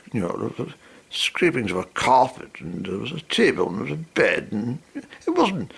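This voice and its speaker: A man's voice: on the low side, gravelly, a bit bright, husky. A man telling a humorous personal anecdote in a rambling way, full of fillers and asides. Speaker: storyteller.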